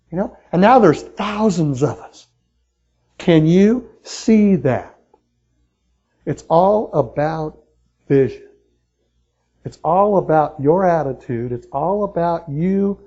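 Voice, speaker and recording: A man speaking as a motivational speaker at a sales meeting, talking excitedly and pushing the crowd with questions in a live seminar talk. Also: sits high, highs cut off. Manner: excitable, pushy, talks straight to the crowd with questions.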